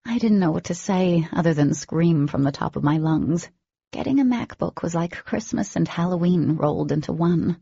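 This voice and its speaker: A woman narrating an audiobook in first person, with an expressive reading and a husky, creaky voice. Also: lowish voice, moderate pace, dry recording, lo-fi sound.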